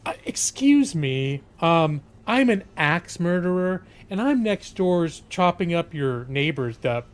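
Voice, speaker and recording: A sheepish, soft-spoken axe murderer, as a man acts him out in a comedy bit. He speaks slowly and haltingly, pitched a little above an ordinary voice and apologizing all the way through. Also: sing-song, clear, resonant tone. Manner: hesitant, halting and polite.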